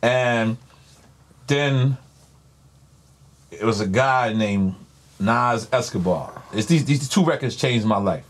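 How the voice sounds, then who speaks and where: Man on an interview, slightly rough voice, animated and profane, telling long stories. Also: medium pitch, slow, long pauses. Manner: animated, swears freely, acts out others' lines in voices. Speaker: guest. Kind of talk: casual storytelling in an interview.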